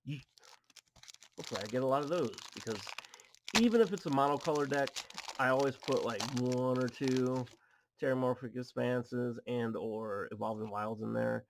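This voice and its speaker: There's background noise as this man, medium-pitched and gravelly at a normal speed, hosts a card pack opening from his home apartment. His talk is casual, with card text read aloud and goofy asides mixed in.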